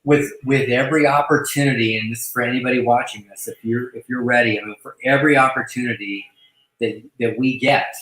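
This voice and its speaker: A man hosting a casual online chat who talks effusively, halting often to restart his sentences. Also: mid-range voice, steady tone, a bit bright, roomy sound, poor audio. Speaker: host welcoming a new agent.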